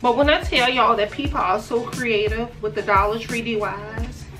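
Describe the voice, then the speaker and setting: A woman, chatting excitably to her viewers in a casual vlog and calling them "y'all". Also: fairly high pitch, normal speed, far from the mic, over music. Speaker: vlogger. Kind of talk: casual chat. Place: in the car and at home.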